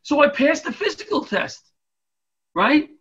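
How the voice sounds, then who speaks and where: A man's voice: very high-pitched, unhurried, dull audio. A middle-aged man, a retired firefighter and comedian, telling comic stories as an interview guest over a video call. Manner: animated, comic, acts out voices in anecdotes. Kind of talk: storytelling interview chat.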